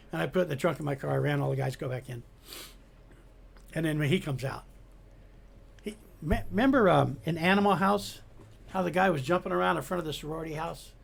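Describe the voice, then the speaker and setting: A man's voice: on the high side, creaky, slightly rough. A man in his sixties, a retired police officer hosting a podcast, telling a rambling old story with chuckles in casual chat. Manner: rambling anecdotal delivery with chuckles.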